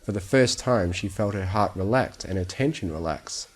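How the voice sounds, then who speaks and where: A man with a somewhat low voice reading a story aloud for sleep. His delivery is calm and steady, made for lulling listeners to rest. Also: normal speed. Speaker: fan fiction reader.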